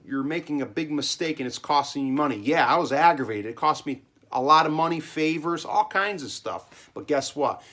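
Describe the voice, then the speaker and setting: A man's voice: mid-range voice, fairly bright tone. A man, a small business owner, gives rambling, emphatic advice in a casual vlog monologue from his home cellar, often checking in with listeners.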